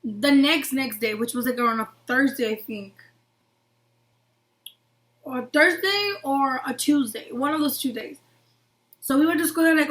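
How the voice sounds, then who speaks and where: Casting: young woman, high-pitched, casual storytime vlogger, animated and filler-heavy. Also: measured pace. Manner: animated, acts out quotes with many "like" fillers.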